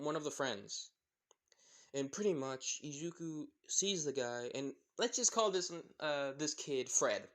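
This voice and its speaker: A man narrating a homemade fan story in a rambling, filler-heavy way, making it up as he goes. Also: medium pitch. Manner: rambling, many fillers like "pretty much".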